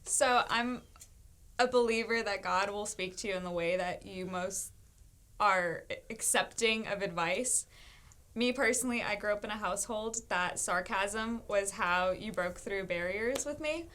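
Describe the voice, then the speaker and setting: A woman's voice: medium pitch, unhurried. Laughing woman telling her testimony. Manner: animated storytelling with frequent laughs and acted-out quotes. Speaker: guest sharing her testimony. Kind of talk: casual storytelling testimony.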